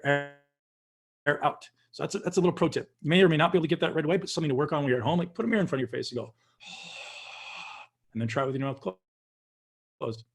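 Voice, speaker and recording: A man guest on a video call, calmly guiding listeners through a breathing practice and addressing them directly. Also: on the high side, husky. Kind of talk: coaching instruction.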